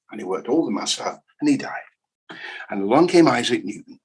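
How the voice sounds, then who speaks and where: Husky-voiced man giving a jokey lecture. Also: mid-range voice, moderate pace, pauses often, rough recording. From United Kingdom. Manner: jokey, animated, repeats words for emphasis. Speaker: keynote speaker. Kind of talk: humorous lecture on maths history.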